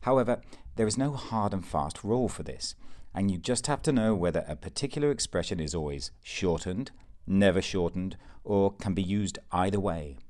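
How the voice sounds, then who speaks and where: A man reading scripted explainer narration in an even, informative way. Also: low voice, normal speed.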